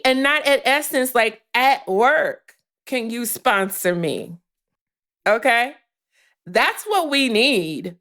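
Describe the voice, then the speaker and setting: A woman's voice: fairly high pitch, lively intonation, slow, fairly bright tone. A woman with hosting a career podcast, speaking bluntly and animatedly to her listeners and swearing freely as she coaches them. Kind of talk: casual podcast monologue.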